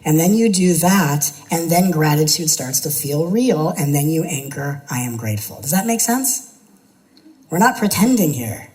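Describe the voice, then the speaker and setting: A man's voice: fairly high pitch, expressive, measured pace, a little mellow, rough recording. A man, a spiritual teacher, giving an earnest talk to an audience, building his points through repetition and now and then slipping into playful mimicry.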